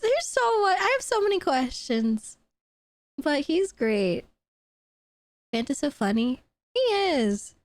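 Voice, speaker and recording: A young woman streamer chatting casually on a live stream, gushing and excitable, laughing often and swearing freely. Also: very high voice, takes it slowly, no echo.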